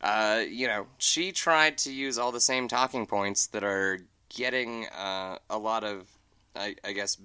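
A man's voice: on the low side, measured pace, pushed and bright, clean tone. A man co-hosting a casual political chat, analytical and rambling, full of hedges and restarts. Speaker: podcast co-host.

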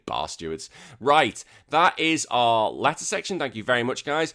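Speaking at a moderate pace in a mid-range voice, this podcast host keeps things loose and conversational. He gets animated, curses constantly, and vents his exasperation in long rants.

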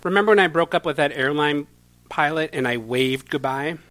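A man with a somewhat higher-pitched voice co-hosts a comedy podcast. He spins playful setups and questions so the others can pile on with puns. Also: a little fast, fairly bright tone. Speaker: podcast co-host. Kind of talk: comedy banter, setting up bits.

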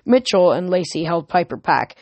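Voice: medium pitch, expressive, moderate pace, darkish tone, no room sound. A reader reading a novel aloud at home, stumbling over words and restarting now and then. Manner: amateur reading with frequent slips and restarts. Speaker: audiobook reader.

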